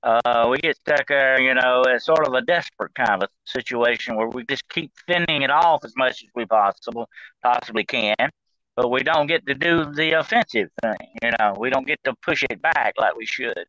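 A man with a bright, forceful voice speaks over a dull, muffled line that sounds dry and close. He rambles through his points with many fillers and restarts in a casual talk-show manner. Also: medium pitch, normal speed, no echo. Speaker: guest on demonology show.

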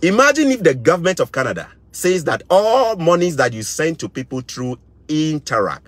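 A man's voice: a little high, sing-song, moderate pace, no echo. A middle-aged Ghanaian man with a Ghanaian English accent, giving impassioned commentary, indignant and repeating phrases for emphasis. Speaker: vlogger.

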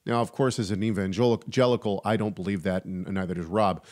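A man's voice: on the low side, fairly even intonation, fairly quick, a little mellow. A man co-hosting a podcast in casual theological chat. He rambles, restarts sentences and drops joking asides. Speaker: podcast co-host.

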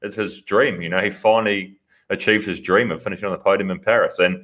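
A man co-hosting a casual podcast with enthusiasm and plenty of swearing. His voice is low yet bright and forceful. He talks blunt and upbeat. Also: fairly even intonation, fast talker. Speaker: podcast co-host.

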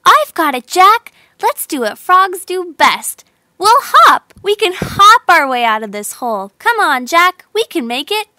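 A determined little girl frog from a storybook, cheerful and proud, with a high, bright voice, as a woman narrator puts her on. She talks in a clear, upbeat way and keeps encouraging her friend. The sound is close and dry. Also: lively intonation, a little slow, no room sound, heavily acted. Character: plucky young female frog, determined and cheerful.

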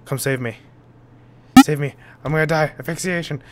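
A young man doing let's play commentary, frantic and yelling in mock panic, then calming down. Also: fairly high pitch, normal speed, a little hiss or hum. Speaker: gaming YouTuber.

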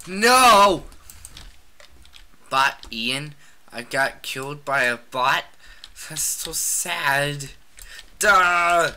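Excitable trash-talking gamer, piercingly bright tone, unhurried delivery. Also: mid-range voice, slight background noise. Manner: excitable, trash-talking, frequent shouted outbursts. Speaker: gamer playing a shooter. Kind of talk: casual gameplay commentary.

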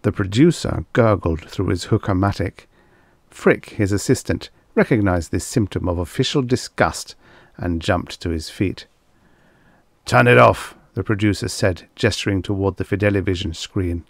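A man's voice: sits low, normal speed, a little mellow, no room sound, clean studio sound. A man reading vintage science fiction aloud as an audiobook narrator, telling the story expressively. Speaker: audiobook reader.

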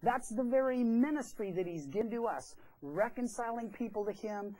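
A man's voice: very high-pitched, expressive, normal speed, a little mellow, rough recording. A pastor telling a story during a sermon in a church. He talks in a chatty way and acts out the quoted voices. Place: church sanctuary.

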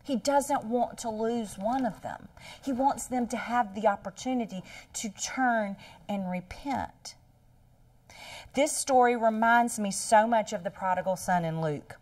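A woman's voice: a little high, unhurried, darkish tone, dry recording, far from the mic. A woman leading a Bible study in a conversational style, dramatizing the story with laughing asides.

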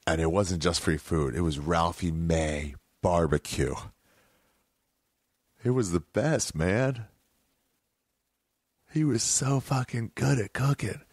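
A man's voice: low-pitched, takes it slowly, pauses often, darkish tone, husky, dry recording. A man hosting a podcast, telling a long rambling story in casual, profane talk, often correcting himself mid-sentence. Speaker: podcast host.

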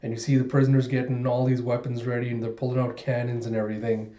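A man's voice: medium pitch, little pitch movement, quick pace, dark tone. A man casually recapping and reviewing a comic chapter, full of fillers and offhand asides, recorded in a roomy, slightly dull room. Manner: filler-heavy, offhand and dismissive at times. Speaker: manga reaction YouTuber.

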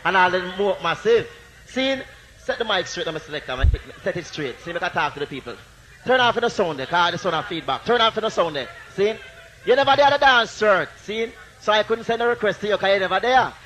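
A man's voice: high-pitched, animated, brisk, a little hiss or hum. A man with a Jamaican accent toasting live at a sound system dance, boasting and taunting a rival sound in patois chants. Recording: lo-fi live dance tape with loud music.

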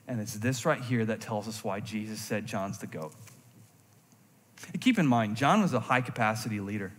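A man preaching a sermon in a church, animated, moving between intense emphasis and quiet reflective moments. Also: lowish voice, moderate pace. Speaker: pastor. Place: church sanctuary. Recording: long hall reverb from a church sanctuary.

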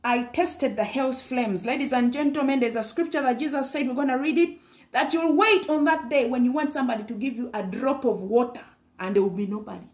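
A woman's voice: sits high, fairly quick, reverberant. A woman preaching a fervent sermon, breaking in with hallelujah and sometimes stumbling over her words.

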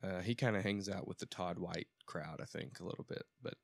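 A man's voice: deep voice, a little fast, gravelly, dry recording. A man co-hosting a casual talk podcast, joking and laughing often while getting over a cold. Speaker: podcast co-host. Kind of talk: casual chat.

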